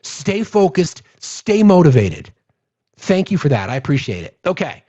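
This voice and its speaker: A man's voice: a little high, very animated, moderate pace, warm tone. A man hosting political commentary, ranting with heated, profane outbursts. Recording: dull lo-fi audio.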